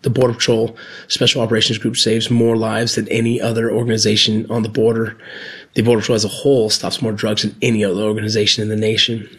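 A man's voice: on the low side, monotone, fast, fairly bright tone, slightly rough. A middle-aged man, a former border agent and medic, telling his story in an earnest, heartfelt way, often restarting his sentences. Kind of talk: personal storytelling.

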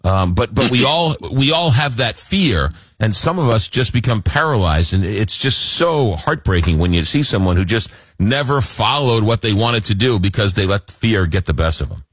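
A man's voice: fairly low pitch, expressive, normal speed, hardly any pauses, dry recording. An American man hosting a talk show, speaking in a rambling way full of fillers and restarts. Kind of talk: interview talk.

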